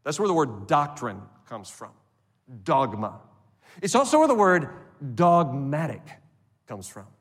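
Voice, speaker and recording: A man preaching a sermon as pastor in a church, with an animated delivery, acting out the voices of the people in his stories. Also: fairly high pitch, measured pace, pauses often. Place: church sanctuary. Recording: long hall reverb.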